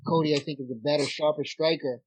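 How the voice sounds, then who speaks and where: A man co-hosting a casual podcast chat, telling animated stories full of swearing and breaking down fighters. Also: fairly high pitch, fast talker, husky. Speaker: fill-in co-host, former fighter.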